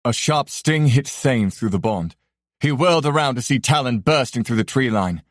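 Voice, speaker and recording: A man narrating a fantasy romance audiobook in a steady, even storytelling way. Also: medium pitch, moderate pace, dry recording, clean studio sound.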